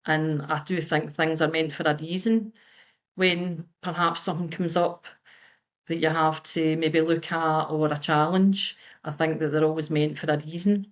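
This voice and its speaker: A woman speaking as a podcast guest, calm and measured. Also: low-pitched. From Scotland. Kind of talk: reflective interview answers.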